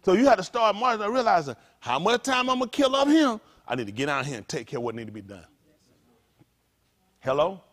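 A man's voice: sits high, very animated, brisk, a bit bright. A man preaching a casual, conversational sermon as pastor, colloquial and full of rhetorical questions.

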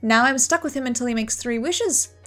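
A woman's voice: fairly high pitch, a little fast, sharp tone, soft background music. A woman voicing a weary trapped genie.

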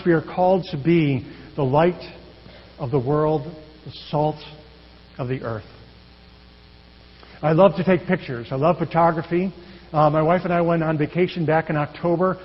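A male pastor preaching a sermon in an earnest, measured way, his phrases often trailing off softly. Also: a little high, breathy edge. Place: church sanctuary. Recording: dull echoey church hall.

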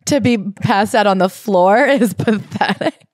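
A woman's voice: medium pitch, a little slow, no room sound. A woman co-hosting a comedy book podcast, recapping a memoir with sarcastic asides and dry read-aloud passages. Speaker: podcast co-host.

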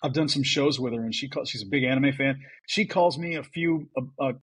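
A husky, slightly breathy man chats as a podcast guest. He tells stories with animated energy, popping into little voices when he quotes people. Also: mid-range voice, fairly quick, dry recording, rough recording. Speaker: voice actor guest. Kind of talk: casual podcast storytelling.

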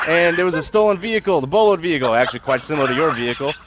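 A man playing a tow truck driver in a role-play, telling a story in a halting, apologetic, rambling way. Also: on the high side, noisy background.

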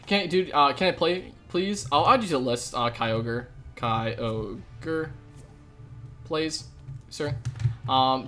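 This is a game streamer speaking to viewers live, relaxed, cheerful and slangy. His medium-pitched voice is fairly bright, picked up by a desk USB microphone.

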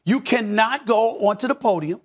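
A middle-aged man with a high, lively voice that leaps around his range. He argues with heavy emphasis, repeats his points, and swings from low grumbles to near-shouts. It sounds like a heated sports debate. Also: normal speed, husky. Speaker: sports commentator.

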